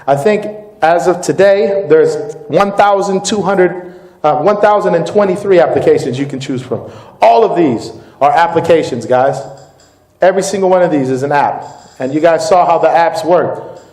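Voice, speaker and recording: A man presenting as company CEO at a distributor meeting, slightly higher-pitched than most men. He talks informally and with energy, walking the crowd through a demo and then a pitch. The sound carries the echo of a reverberant meeting room. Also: normal speed, a little mellow. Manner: upbeat, informal, keeps addressing the crowd as "guys". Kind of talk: live product demo and sales pitch. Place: meeting room with live audience.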